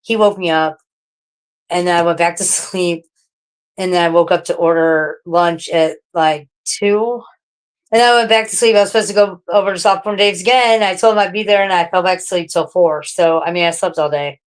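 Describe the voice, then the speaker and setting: A woman's voice: lowish voice, fairly even intonation, normal speed, clear, resonant tone. A woman livestreaming casual chat, talking frankly in a rambling way and swearing often.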